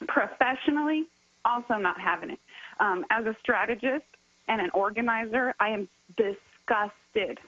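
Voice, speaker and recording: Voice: mid-range voice, normal speed, sharp tone, no room sound, highs cut off. Impassioned strategist guest on radio. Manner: impassioned, repetitive, rising to heated. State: says they are sick. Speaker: political strategist and organizer guest. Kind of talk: passionate call-in radio commentary.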